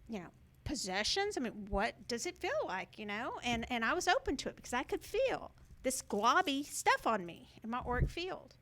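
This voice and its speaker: A woman's voice: fairly high pitch, fairly bright tone. A woman hosting a show, telling a personal story to viewers in a rambling, earnest way with many fillers and restarts. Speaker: show host.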